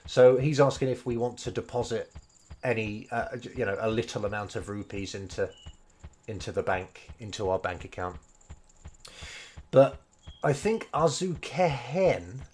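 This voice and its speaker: A man, casually explaining Japanese words while streaming a game, rambling and restarting his sentences often. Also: medium pitch. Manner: rambling, hesitant, many fillers and restarts.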